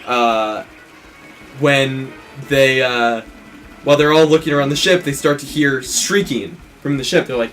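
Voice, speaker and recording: A man's voice: mid-range voice, normal speed, fairly bright tone, faint music behind. A man co-hosting a let's play, casually retelling a film plot in a rambling way, with many restarts and acted-out quotes.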